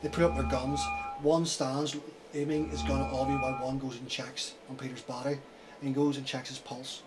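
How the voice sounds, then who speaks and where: A man narrating calmly as game master of a tabletop game. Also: medium pitch, brisk, music in the background, low-quality recording. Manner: calm descriptive narration.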